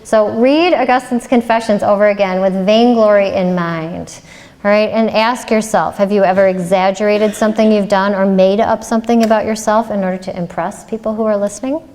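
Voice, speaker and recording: A woman's voice: medium pitch, fairly even intonation, a little fast, a little mellow. A woman ethics lecturer giving a public lecture in a conversational way, posing rhetorical questions with occasional "um"s. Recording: long reverb of a lecture hall.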